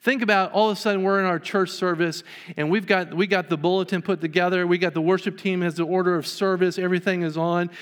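A man's voice: high voice, steady tone, fast talker, a bit bright, smooth, long reverb tail. A man preaching a sermon in a church, telling a story and acting out the people in it. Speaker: pastor.

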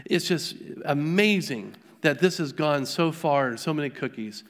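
A man's voice: fairly high pitch, expressive, normal speed, a bit bright. A middle-aged man preaching a sermon, a pastor telling personal stories in a conversational way with restarts and rhetorical questions.

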